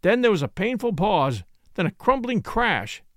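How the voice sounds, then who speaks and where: Male narrator, classic story reading, expressive, high voice, dry close sound. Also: normal speed, no room sound.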